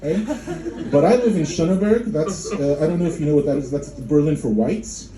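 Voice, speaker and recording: A man from Poland in his thirties performing a stand-up comedy set at a club, deadpan and dark, slipping into mocking voices. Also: on the high side, a little fast, noisy background. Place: comedy club before a live audience. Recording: echoey room with crowd laughter.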